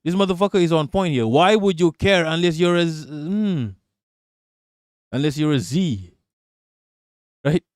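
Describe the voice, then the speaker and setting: A man hosts a live political stream, talking back to chat and swearing as he rants. His voice sits slightly high for a man. The recording is dry and close, with no room sound. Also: animated, measured pace, long pauses, no room sound. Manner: profane, ranting, talks back to chat.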